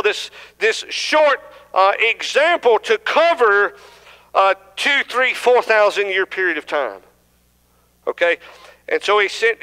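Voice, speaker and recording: A man's voice: high voice, pushed and bright, poor audio. A man preaching a sermon in a church, teaching conversationally and asking the congregation questions. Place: church sanctuary.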